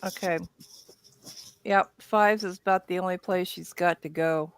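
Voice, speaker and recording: A woman's voice: lowish voice, steady tone, unhurried, clean tone, no echo. A woman hosting a casual chat while playing an online dice game, playfully cheering on the rolls. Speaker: host.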